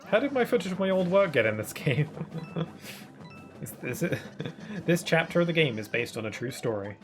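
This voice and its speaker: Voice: medium pitch, big pitch swings, moderate pace, long pauses. A game streamer chatting casually and joking while playing, laughing easily. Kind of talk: casual gameplay chat. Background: faint game music.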